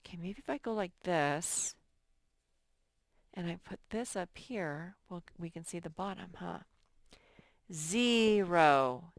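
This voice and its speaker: Slow, patient woman teaching young children. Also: on the low side, gravelly, no room sound, clean studio sound. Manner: slow, patient, thinks aloud while sorting words. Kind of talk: recorded phonics lesson for young children.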